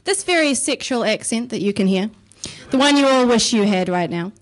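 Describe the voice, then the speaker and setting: A woman's voice: fairly high pitch, animated, normal speed. A young woman with a New Zealand accent doing a stand-up comedy set, wry and sarcastic, swearing casually. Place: comedy club stage.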